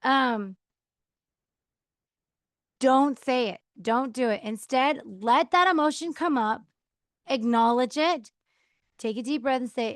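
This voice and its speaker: This woman speaks slowly in a high voice, leaving long pauses, as she hosts a casual advice podcast about choosing peace. She's chatty, acts out quoted replies and often laughs, recorded on a counter mic with clean studio sound and no echo.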